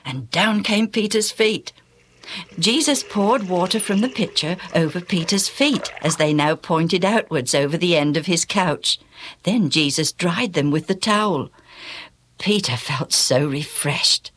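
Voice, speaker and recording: A woman narrating a storybook tale in an animated, exclamatory way, often asking the listener questions. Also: fairly low pitch, measured pace.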